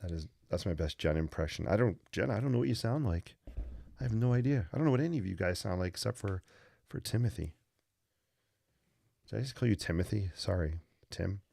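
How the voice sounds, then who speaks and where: A man's voice: lowish voice, lively intonation, brisk, vocal fry, long pauses, mellow. A man hosting a live drawing stream, chatting casually and playfully with viewers and making puns as he sketches.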